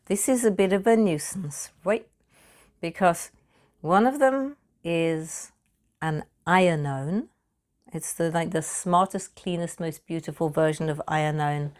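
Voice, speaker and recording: Chatty British woman perfumer, fairly low voice. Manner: chatty, laughing, repeats words when excited. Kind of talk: casual talk on perfume materials.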